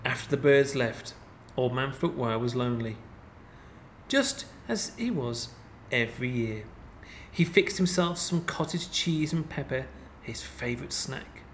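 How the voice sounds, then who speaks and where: A man reading a children's picture book aloud in an expressive, playful storytelling manner. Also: mid-range voice, unhurried, slight background noise. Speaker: storybook reader.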